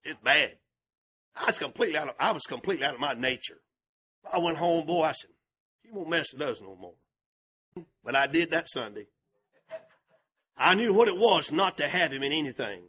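An older male pastor preaching with passion, swinging between shouted and hushed delivery. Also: fairly high pitch, lively intonation, fairly quick, pauses often, breathy edge. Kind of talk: sermon.

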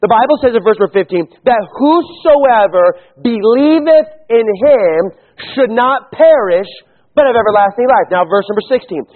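A male pastor preaching a sermon, emphatic, swinging from quiet low stretches to raised, pleading calls. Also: lively intonation, moderate pace. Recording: tinny phone-like sound.

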